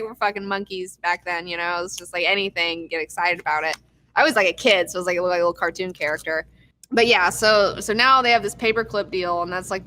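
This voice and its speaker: A young woman with a medium-pitched voice hosts a TV recap, casually going over an episode. She swears freely, gets excitable, and acts out the characters' lines.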